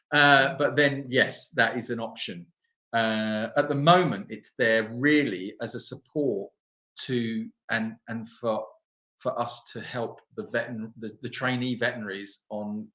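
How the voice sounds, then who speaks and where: A man's voice: on the low side, sharp tone, roomy sound. A man hosting a casual livestream for an animal sanctuary, talking in a meandering, self-interrupting but upbeat way.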